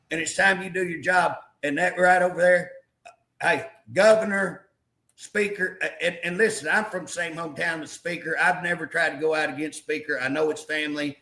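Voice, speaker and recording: Fiery folksy man, gravelly. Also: a little high, normal speed, bright, forceful tone, echoey room. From southeast Oklahoma. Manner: fiery, folksy, preacher-like rallying. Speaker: state representative guest. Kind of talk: impassioned political talk show interview.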